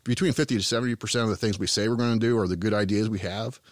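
Canadian guy rambling thru farm stories, low voice, dry close sound, folksy and jokey. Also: steady tone, rapid-fire, no room sound. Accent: Eastern Canadian. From Ontario, Canada. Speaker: farm business consultant, podcast guest. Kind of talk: casual storytelling.

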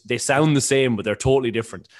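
A man from County Limerick with a mild Irish accent, a radio presenter answering interview questions in a rambling, quick, self-correcting way. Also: mid-range voice. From Ireland, County Limerick. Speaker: radio presenter and stage co-host.

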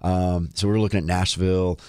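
A man in his forties co-hosting a podcast, relaxed and chatty, laughing easily. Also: sits low, brisk, smooth, dry recording. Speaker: podcast host. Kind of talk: casual chat.

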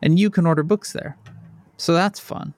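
A man hosting a podcast in casual chat, joking and animated. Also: on the high side, normal speed, dry recording. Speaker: podcast host.

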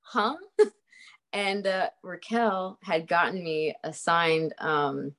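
A woman's voice: fairly low pitch, steady tone, slow pace, a bit bright. A young woman telling a story in a casual chat, laughing often and swearing freely, with lots of fillers.

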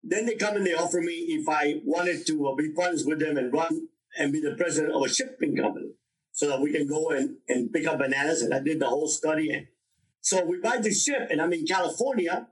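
An older man, in his sixties, guests on a podcast and recounts his past in a lively storytelling manner, slipping into the voices of the people he quotes. His voice sits somewhat high for a man. He is picked up from a little distance off the microphone. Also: fairly quick. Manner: animated, acts out dialogue from his story. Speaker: interview guest.

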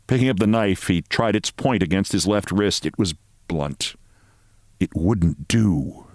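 A man hosting a show, reading a story aloud in a measured, expressive way. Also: low-pitched, no echo, studio quality. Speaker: host.

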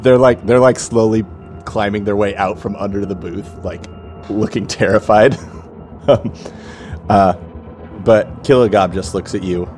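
A man's voice: on the low side, measured pace, pauses often, a little mellow, soft background music. A man narrating a tabletop game as game master, casual, with many fillers. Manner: casual, full of likes and ums, laughs often.

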